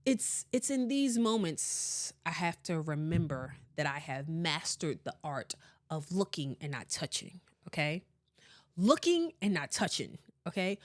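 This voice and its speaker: A young woman hosting a casual podcast, playful and animated, laughing often as she reads live comments. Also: low-pitched, measured pace. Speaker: podcast host.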